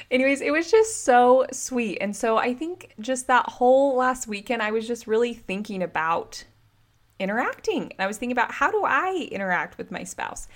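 A woman in her thirties hosting a relationship podcast, telling stories in a chatty, animated way and filling her talk with "like". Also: on the high side, normal speed. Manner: chatty, animated storytelling with frequent "like". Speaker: podcast host and relationship coach. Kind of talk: casual solo podcast monologue.

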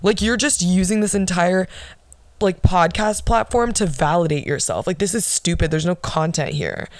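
A woman's voice: on the low side, animated, moderate pace, no echo. Blunt, profane young woman ranting. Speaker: podcast host. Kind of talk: solo podcast rant.

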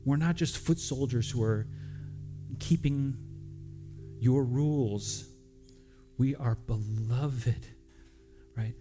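A man's voice: medium pitch, slow, pauses often, mellow, soft background music. A man preaching as pastor, speaking earnestly and directly, often repeating phrases, then leading a communion prayer. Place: church sanctuary with congregation.

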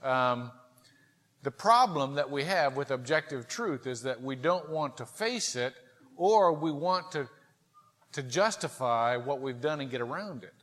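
A middle-aged pastor whose voice swoops high and low as he tells a self-deprecating story from the pulpit. His tone is bright and sharp, and a long reverb hangs in the big sanctuary. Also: unhurried. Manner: animated, self-mocking storytelling. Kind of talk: sermon. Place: large church sanctuary.

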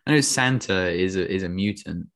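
Male podcast co-host, very low voice, easygoing jokey banter. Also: lively intonation, fairly bright tone. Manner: joking, quick to laugh. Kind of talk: casual chat.

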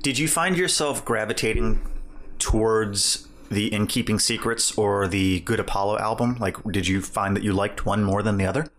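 A man's voice: fairly low pitch, fairly bright tone. A young man co-hosting a podcast, asking curious questions and nodding along in casual chat. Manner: curious interviewer, quick affirming backchannels. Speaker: podcast co-host.

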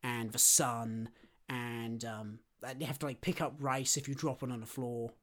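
A man co-hosting a casual podcast chat, excitable and rambling, full of fillers. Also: mid-range voice, unhurried. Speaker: podcast co-host.

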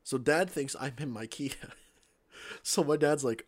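A man's voice: mid-range voice, moderate pace. Young man telling a profane story. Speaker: podcast co-host. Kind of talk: casual storytelling chat.

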